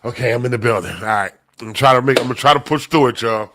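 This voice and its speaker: A man's voice: mid-range voice, fast talker, a bit bright, no room sound. A man hosting a live stream while feeling sick, chatting casually with viewers in loose slang and greeting them by name. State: sick, under the weather.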